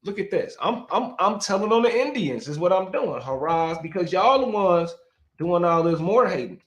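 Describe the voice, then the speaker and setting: A man's voice: high voice, animated, moderate pace, fairly bright tone, reverberant. Heated, profane man ranting on a livestream. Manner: heated, profane, talks straight to the chat. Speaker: livestream commentator. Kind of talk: rambling livestream commentary.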